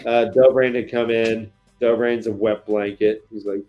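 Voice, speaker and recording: A middle-aged man chatting casually on a book podcast, animated and acting out scenes with sound effects. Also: fairly low pitch, normal speed, muffled recording, soft background music. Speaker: podcast co-host. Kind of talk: casual book-discussion chat.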